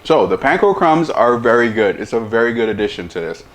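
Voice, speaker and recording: A man hosting a casual cooking demo and taste test, humming over each bite and talking with his mouth full. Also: mid-range voice. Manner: talks with mouth full, lots of savoring hums; slow, relaxed delivery. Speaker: chef, cooking show host.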